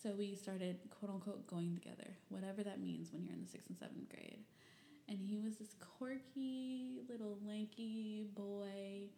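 A woman's voice: mid-range voice, lively intonation, normal speed, gravelly, warm tone, reverberant, a little hiss or hum. A young woman from Michigan telling personal stories and reading old diary entries in a rambling, candid way, full of fillers and the odd curse. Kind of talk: personal storytelling.

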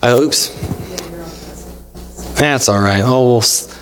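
A man's voice: medium pitch, slow pace. A man preaching an informal sermon, acting out conversations with God with lots of casual fillers. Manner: informal, acts out dialogue with God in his own voice; frequent fillers like "like" and "you know". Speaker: pastor.

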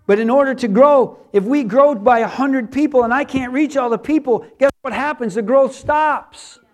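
A man's voice: very high-pitched, moderate pace. A man who is a pastor, preaching a sermon earnestly and repeating words for emphasis.

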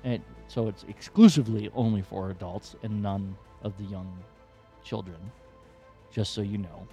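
A man hosting a podcast, telling a personal story in a rambling, animated, profane way. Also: on the low side, normal speed, husky, faint music behind. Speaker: podcast host.

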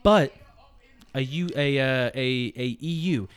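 A man in easy conversation on a podcast, mid-pitched and relaxed, who keeps bursting into lively ringside-style calls. His speech is loose and full of restarts as he reacts to the action. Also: measured pace, clear, resonant tone, faint music behind. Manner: excited, jumps into play-by-play commentary. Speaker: podcast co-host. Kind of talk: casual live-reaction chat.

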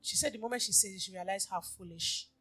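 A woman preaching a sermon, telling stories and moving from hushed, near-whispered talk to loud exhortation. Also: mid-range voice, fast, slightly rough, faint music behind.

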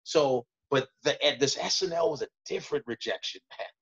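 A man, a comedian guest, telling stories in casual talk, profane and animated, jumping up in pitch when acting out moments. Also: a little fast, husky, highs cut off. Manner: profane, animated retelling with bursts of high pitch. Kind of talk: casual storytelling.

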